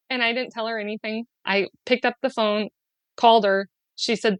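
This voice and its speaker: A woman guest on a podcast telling a personal story in an earnest, heartfelt way, sliding into lively acted-out quotes and laughs, with many fillers. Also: medium pitch, moderate pace, dry recording. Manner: animated when acting out quotes, often laughing. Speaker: podcast guest, spiritual guide.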